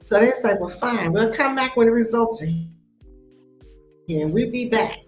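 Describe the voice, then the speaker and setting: A woman hosting a live stream, telling a personal story in a lively way and acting out the voices of the people in it. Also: on the high side, normal speed. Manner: animated, acts out the voices in her story. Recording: echoey room with faint music behind.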